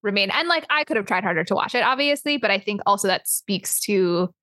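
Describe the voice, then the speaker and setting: A woman's voice: medium pitch, animated, brisk, bright, forceful tone, no room sound, clean studio sound. A woman co-hosting a film podcast in casual chat, rambling and chatty with lots of fillers. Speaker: podcast co-host.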